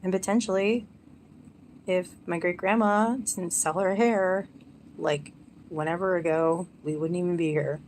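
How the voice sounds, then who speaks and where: A woman's voice: on the low side, fairly even intonation, unhurried, a little mellow, slight background noise. A young woman rambling casually on a live stream, chatty and self-mocking.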